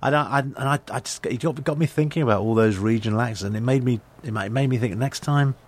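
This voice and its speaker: A man's voice: medium pitch, quick pace. A man from England, an actor, telling anecdotes in casual conversation with frequent stammered restarts. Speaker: actor, guest. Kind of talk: casual chat.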